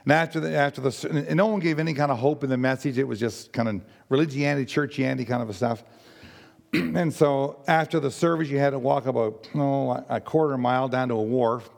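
An older man giving a personal testimony in a halting, earnest way with many restarts. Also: mid-range voice, vocal fry. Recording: long hall reverb.

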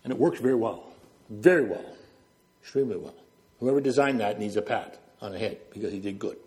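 A man's voice: lowish voice, expressive, brisk, a little mellow. A middle-aged male preacher from New Brunswick, Canada, giving a sermon and telling stories while walking back and forth and illustrating with gestures.

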